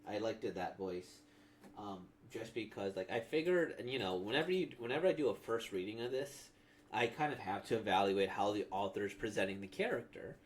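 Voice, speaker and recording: A man's voice: on the low side, expressive, fairly quick, a little hiss or hum. A man reacting to a comic he has just read, talking casually in a rambling way full of fillers. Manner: rambling, filler-heavy talk. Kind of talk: casual commentary.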